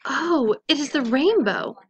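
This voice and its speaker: A woman's voice: high voice, expressive, measured pace, pitched above the performer's own voice. A woman doing a shy young girl.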